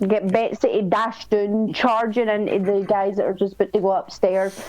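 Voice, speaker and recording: A woman playing a tabletop game, chatty and laid-back, with a warm, mellow voice. The sound is dull and lo-fi. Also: medium pitch, flat delivery, moderate pace. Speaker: player. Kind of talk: casual tabletop play. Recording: dull lo-fi audio.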